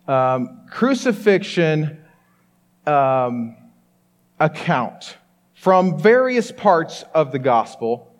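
Animated preacher in a reverberant hall. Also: male voice, a little high. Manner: animated, emphatic preaching to a congregation. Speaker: pastor. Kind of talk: sermon. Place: church hall with congregation.

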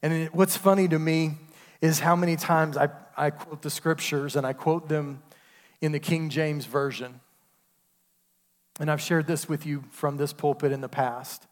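Fiery preacher in a reverberant sanctuary. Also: male voice, fairly high pitch, steady tone, measured pace. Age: 50s. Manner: preaching with call-and-response asides. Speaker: pastor. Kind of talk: sermon. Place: church sanctuary. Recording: long hall reverb.

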